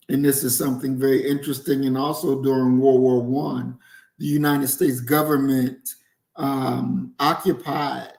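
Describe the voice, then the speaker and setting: A male talk-show host who reads viewer comments aloud and puts pointed questions to his guest in a measured way. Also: medium pitch, gravelly, darkish tone. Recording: echoey room.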